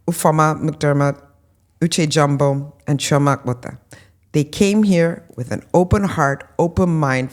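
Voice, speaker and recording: Low-pitched woman guest chatting, lots of ums, acts out quotes when she tells a story. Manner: frequent ums and restarts. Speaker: interview guest. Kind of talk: conversational interview.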